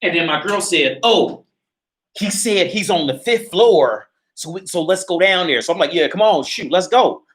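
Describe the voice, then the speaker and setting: A man's voice: sits high, animated, normal speed, a bit bright. A man telling a story on a casual livestream from his small apartment, profane and laughing often, filmed on a hand-held camera. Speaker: livestream host. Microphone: phone or camera carried by hand.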